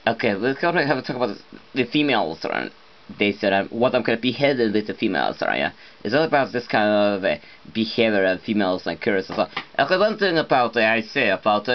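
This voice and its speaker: Brief: a man rambling alone, halting and searching for words, slightly muffled recording. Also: mid-range voice. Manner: halting, full of fillers and restarts, non-native phrasing. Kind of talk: rambling solo monologue.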